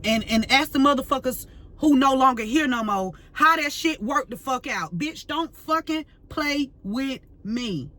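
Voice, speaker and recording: A woman's voice: high voice, animated, unhurried, bright, forceful tone. A woman tarot reader ranting to camera, fiery and profane, full of slang and repeating herself as she vents. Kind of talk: heated unscripted rant to camera.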